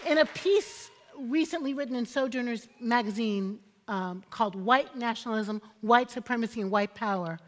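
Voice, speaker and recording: A woman's voice: on the high side, moderate pace, few pauses, in a large hall. A woman preaching a sermon, emphatic and repeating phrases for effect, calling on the congregation for amens.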